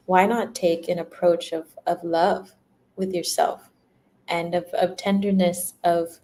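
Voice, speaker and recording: A woman's voice: on the low side, little pitch movement, measured pace, warm tone. A young woman giving a casual spiritual talk to her viewers, laughing often, repeating herself and acting out little quoted voices. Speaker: spiritual energy reader.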